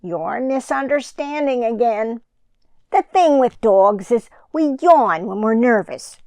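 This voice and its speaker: A woman voicing an old, tired male pet dog in a storybook, speaking slowly and gently as he explains himself. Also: on the high side, lively intonation, no echo. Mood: gentle.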